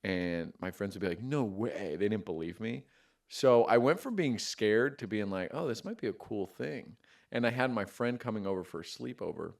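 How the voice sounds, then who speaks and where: A man, a comedian, chatting casually on a podcast and telling stories with lively acted-out quotes. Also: on the low side, normal speed, gravelly. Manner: animated, acts out quotes with sudden loud outbursts. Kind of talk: casual storytelling chat.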